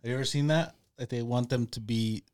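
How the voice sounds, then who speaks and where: A man co-hosting a podcast, joking and swearing in casual chat with quick comebacks. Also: mid-range voice, a little mellow, smooth. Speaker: podcast co-host.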